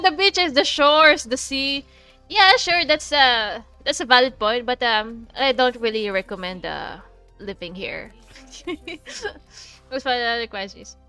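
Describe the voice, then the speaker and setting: A woman with a Filipino accent chats casually as she streams a game, laughing often and cursing freely. Her voice is high, bright and crisp. It sounds dry and close, with soft music playing underneath. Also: dry recording. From Philippines. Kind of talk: casual chat while playing.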